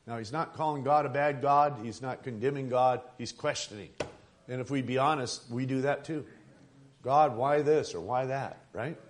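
A man preaching a sermon, speaking haltingly with many fillers and restarts. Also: medium pitch. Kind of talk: sermon with a read-aloud story.

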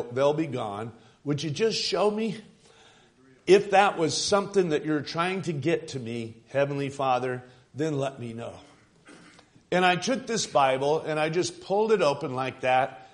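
A man preaching, retelling a vision with folksy asides and chuckles. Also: medium pitch.

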